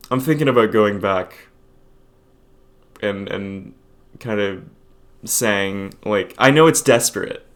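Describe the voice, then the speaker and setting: Young male vlogger, low voice, halting and self-deprecating, casual confessional delivery. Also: a bit bright. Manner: hesitant, rambling, self-deprecating.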